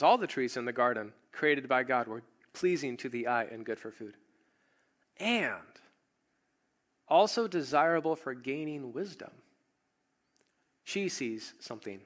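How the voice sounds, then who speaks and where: A man's voice: on the high side, fairly bright tone. A man preaching a sermon, retelling a story and acting out the quoted voices. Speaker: pastor.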